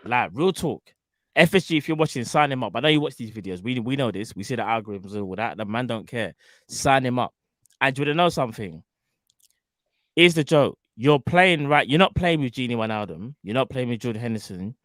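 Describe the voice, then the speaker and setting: A man's voice: mid-range voice, lively intonation, a little fast, a bit bright, no room sound, studio quality. A man hosting a football fan show, arguing his point emphatically with slang and repetition. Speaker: fan channel host. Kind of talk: impassioned football opinion.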